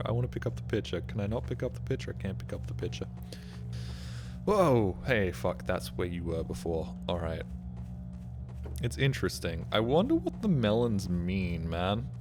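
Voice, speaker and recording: Male streamer, low-pitched, rambling and profane, self-deprecating humor, soft music under the voice. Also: big pitch swings, a little fast. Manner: rambling, sweary, self-mocking. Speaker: game streamer. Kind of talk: casual live-stream chat. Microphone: streaming microphone.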